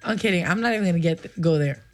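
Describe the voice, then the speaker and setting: A woman's voice: on the low side, rapid-fire. A woman in her twenties hosting a casual live-streamed talk show, goofy and teasing, often joking that she is kidding. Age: 20s. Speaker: show host.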